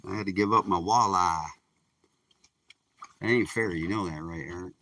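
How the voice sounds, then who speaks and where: A man's voice: deep voice, sharp tone. A man from Michigan chatting casually and folksily while fishing from a kayak on a creek during a live stream. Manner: laid-back, chatty, folksy. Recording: distant mic outdoors with faint noise.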